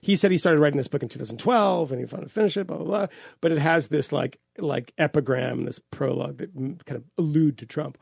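Talk-show man, gravelly and slightly high, dry close sound; rambling, swearing co-host. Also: fast talker, dry recording. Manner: animated, swearing, rambling with restarts. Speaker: podcast co-host. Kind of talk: casual political chat.

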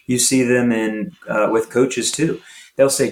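A man guest on a podcast, a youth soccer coach by trade. He tells stories with energy and slips into quick acted lines of coaches and kids. His pitch sits in the middle range. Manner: animated storytelling, acts out coach and player lines. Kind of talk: podcast interview.

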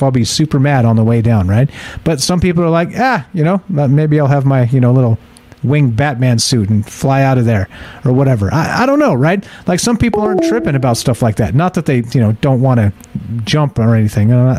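A man's voice: fairly high pitch, darkish tone, no echo. A man hosting a late-night call-in radio show, ranting conversationally and swearing now and then.

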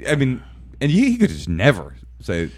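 A man's voice: medium pitch, moderate pace, a little hiss or hum. A young man, a comedian, telling stories in a casual chat and mimicking the voices of others. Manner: animated storyteller, mimics voices. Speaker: comedian guest.

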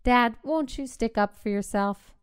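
A woman's voice: a little high, measured pace, clean tone, voice pushed up, close to an everyday voice. A woman voicing a frustrated grown daughter who presses her father with pointed questions, in a storybook reading. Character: young adult daughter, blunt and frustrated.

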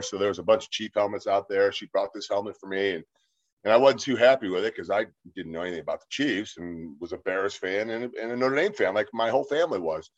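A man in his fifties, an interview guest, telling long rambling stories with lots of fillers. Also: on the low side. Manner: rambling anecdotes with many fillers. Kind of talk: casual storytelling. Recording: slightly dull lo-fi sound.

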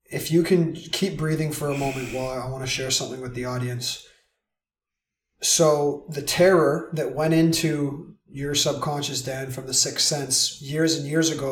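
A man guiding another person through a visualization exercise in a calm, instructive, soothing way. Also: a little high. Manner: calm, instructive, slow and soothing in the guided parts. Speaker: guide leading an emotional release exercise. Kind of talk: guided visualization and coaching. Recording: roomy, distant from the mic.

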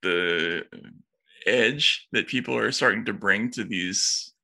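A man from Boston co-hosting a casual commentary chat, halting and restarting as he talks. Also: fairly low pitch, vocal fry, pushed and bright. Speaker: co-host.

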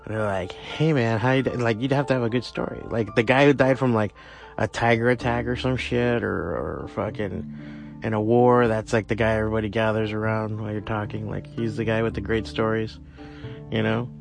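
A man's voice: lowish voice, steady tone, brisk, creaky, music in the background. A man hosting a podcast on his own, talking in a rambling, profane, casual way with lots of fillers. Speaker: podcast host. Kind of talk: casual solo monologue.

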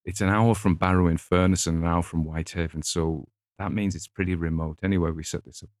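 Deep-voiced middle-aged man, rambling chat. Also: fairly even intonation, fast talker, darkish tone, no echo, clean studio sound. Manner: discursive, anecdotal, chuckling asides. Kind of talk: casual rambling book chat.

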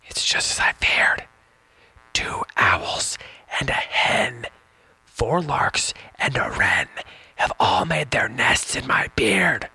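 A man voicing a fretful old man whose beard is full of birds, in a dramatic, drawn-out comic recitation. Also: sits high, sing-song, a bit bright, no echo, voice pushed up, full character voice. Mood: whispered.

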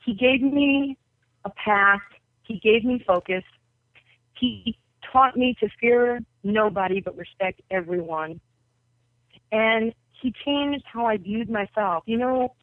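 Over a thin, dry phone connection with no room sound, a mid-range female voice with lively intonation speaks a little slowly. She's a basketball coach from New York guesting on a podcast, vividly recounting her own stories and performing the voices of people she quotes.

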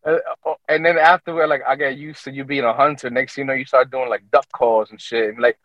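A man's voice: medium pitch, steady tone, fast, fairly bright tone, a little hiss or hum, poor audio. A man in a casual, profane podcast chat who laughs and tells loose stories.

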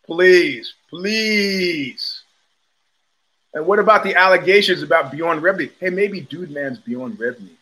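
His voice a little high and a little fast with hardly any pauses, an older man from New York, judging by his accent, runs a casual livestream monologue as the show host. He tells stories bluntly and animatedly, with swagger, profanity, and frequent restarts.

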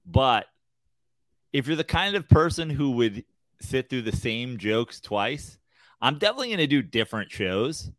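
A man's voice: mid-range voice, big pitch swings, moderate pace, fairly bright tone, dry recording. A male comedian co-hosting a podcast, chatting casually and rambling with lots of filler words. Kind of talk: casual chat.

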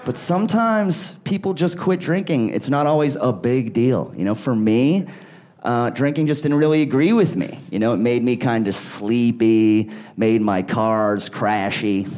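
A man doing a stand-up comedy set, conversational and profane with deadpan punchlines. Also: mid-range voice, a little slow.

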